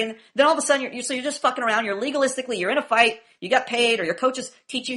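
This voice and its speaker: A woman's voice: a little high, expressive, very fast, few pauses, sharp tone. A woman teaching a class, lecturing with emphatic, profane rhetorical questions. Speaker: class instructor.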